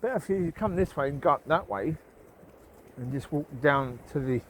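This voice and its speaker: A man with a fairly high, somewhat bright voice speaks expressively at normal speed as he vlogs on a rural waterside walk with his dogs. He rambles casually and talks to the dogs along the way. The recording is low quality.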